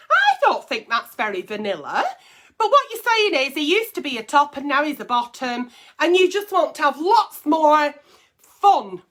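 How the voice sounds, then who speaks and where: A woman's voice: high voice, a bit bright. A middle-aged woman hosting a casual advice stream, blunt and profane as she reads and answers letters. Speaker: advice show host.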